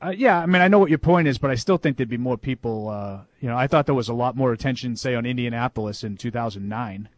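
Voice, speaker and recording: A sports radio co-host chats casually on a talk show, reading listener emails aloud with amusement. His mid-range male voice moves at a quick pace with hardly any pauses, and there's no room sound.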